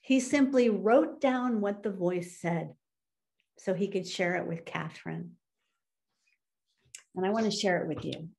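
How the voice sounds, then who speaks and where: A middle-aged woman minister telling a story in a sermon and reading a poem aloud, slow and earnest, with emotional swells. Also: mid-range voice, vocal fry, darkish tone.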